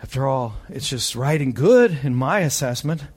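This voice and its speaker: A man preaching a sermon, moving between urgent raised passages and quiet, hushed ones. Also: medium pitch, lively intonation, moderate pace. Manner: preaching with sharp swings from loud urgent peaks to hushed tones.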